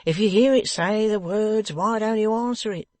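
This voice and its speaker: A man's voice: sits high, little pitch movement, drawn-out words, a little mellow, dry recording, pitched above the performer's own voice. A man voicing a blunt, snappish taxidermist in an audiobook, raising his voice well above his own. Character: snappish, gloomy male taxidermist. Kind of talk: audiobook character voice.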